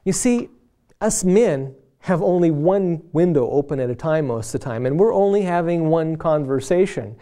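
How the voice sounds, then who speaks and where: A middle-aged man giving a relaxed marriage teaching, putting questions to the men listening. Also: on the high side. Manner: chatty, addresses men directly with questions; acts out quoted voices of wife and friends.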